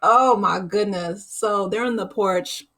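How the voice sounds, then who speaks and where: A woman's voice: medium pitch, unhurried, slight background noise. Chatty woman hosting a movie recap. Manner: chatty, laughs often, quotes movie lines. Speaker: channel host. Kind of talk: casual movie recap vlog.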